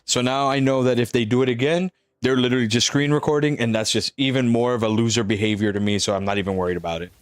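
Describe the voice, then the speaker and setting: A relaxed man talks through his live game stream. He jokes around and curses casually, in a flat, somewhat bothered-sounding tone. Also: medium pitch, quick pace, hardly any pauses, dry recording. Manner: laid-back, joking, swears freely. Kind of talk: casual live-stream chat while gaming.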